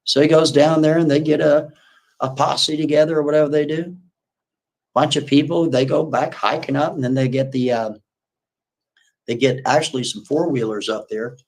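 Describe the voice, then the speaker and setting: A man's voice: on the high side, steady tone, normal speed, a little mellow. A man casually retelling a story on a live stream, rambling and folksy, with lots of asides.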